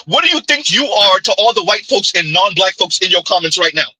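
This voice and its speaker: A man's voice: sits high, lively intonation, a little fast, bright, forceful tone, husky, no room sound, poor audio. A man, hosting a sarcastic, heated commentary rant. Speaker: commentary channel host.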